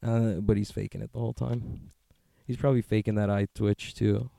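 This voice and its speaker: A man's voice: on the low side, flat delivery, moderate pace, gravelly, dark tone, no echo, clean studio sound. A man talking in a casual, rambling monologue, swearing often and joking as he goes.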